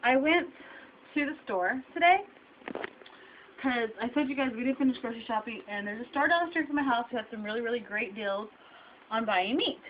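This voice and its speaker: Young woman vlogger, higher voice, indignant venting, dull webcam sound with faint hiss. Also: expressive, brisk. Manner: indignant, emphatic storytelling. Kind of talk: venting to camera.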